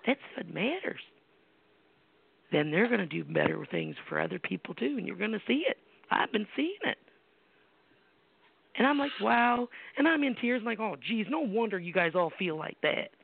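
This middle-aged American psychic medium, host of a call-in show, has a husky, mid-range voice with vocal fry, big pitch swings, a moderate pace and long pauses. Heard over a tinny, dry phone line, she shares personal stories bluntly and emphatically, peppered with salty language and rhetorical questions.

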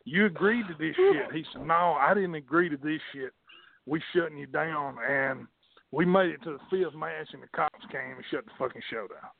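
Man, gravelly and fairly high-pitched, profane rambling storyteller, tinny phone line. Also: expressive, normal speed. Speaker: wrestling promoter, guest. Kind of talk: casual storytelling.

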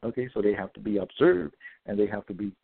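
A man's voice: lowish voice, expressive, quick pace, vocal fry, slight background noise. A man delivering a scripture-quoting monologue, repetitive and emphatic, reading out verse references. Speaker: self-styled religious preacher. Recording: tinny phone-like dry audio.

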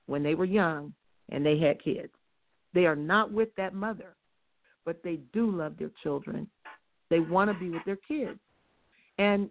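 A woman teaching on a religious talk show, emphatic and fond of rhetorical questions, with her stresses rising close to shouting. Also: mid-range voice. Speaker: guest speaker. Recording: tinny phone line.

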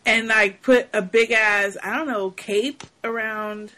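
A woman co-hosting a podcast casually recaps a movie, laughing often, playful, and asking questions. Her voice is on the high side, sharp, and steady in tone, and she speaks slowly. The audio quality is poor.

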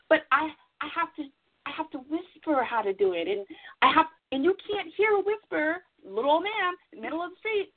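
A woman co-hosting a casual advice talk show, speaking emphatically, repeating herself for stress and acting out inner voices. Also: high voice. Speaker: podcast co-host. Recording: tinny phone-like audio.

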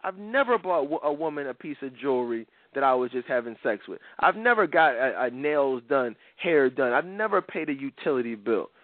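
A very animated podcast host in his thirties talks fairly quickly in a mid-range voice, hardly pausing as he rambles through blunt opinions on his talk show with frequent "you know"s. The sound is dry and phone-like narrow, with no room sound.

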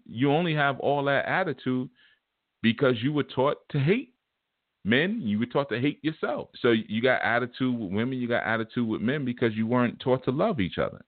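A man with a medium-pitched voice talks like a spiritual teacher, loose and conversational, constantly returning to "you know". The recording is tinny, phone-like and very dry, with no room sound.

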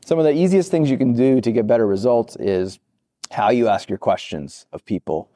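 A man being interviewed on a podcast, explaining in an energetic, conversational way. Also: normal speed, dry recording, studio quality. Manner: energetic, acts out quoted people in higher voices. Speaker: podcast guest, product expert.

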